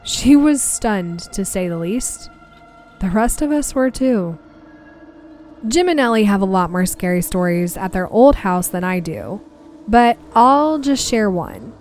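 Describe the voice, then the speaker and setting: A young woman narrating a personal ghost story from her family in an earnest, steady way. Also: medium pitch.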